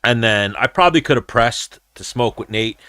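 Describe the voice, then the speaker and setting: A man's voice: medium pitch, expressive, moderate pace, pushed and bright, dry recording. Young guy ranting on a livestream, swears a lot, rambles, tight dry mic. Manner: profane, rambling storyteller who slips into impressions. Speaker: show host. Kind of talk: casual livestream chat.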